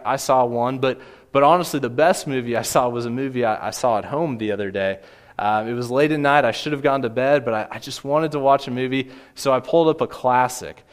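A male pastor giving a conversational sermon, often restarting his phrases. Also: mid-range voice.

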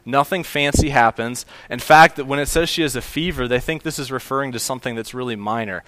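A man delivers a Sunday sermon in an even, mid-range voice, easy and conversational, often circling back to restate a point. The sound is dry and close, with no room around it. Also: medium pitch, brisk, no room sound. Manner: storytelling, conversational with small restarts. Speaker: pastor.

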